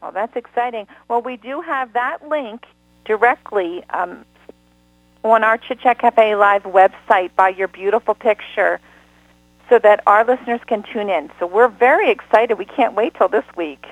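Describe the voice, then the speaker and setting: A woman host leading an interview, gushing with praise and thanks. Her voice sits a little higher than most. The sound is dry, with no room echo. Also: measured pace. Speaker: podcast host. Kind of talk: hosting an interview.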